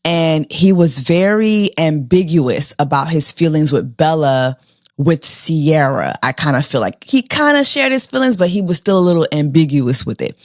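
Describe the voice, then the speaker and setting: A woman's voice: low-pitched, animated, normal speed, dry recording, studio quality. A woman hosting a casual reality TV recap, sassy and slangy, firing off rhetorical questions. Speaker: show host.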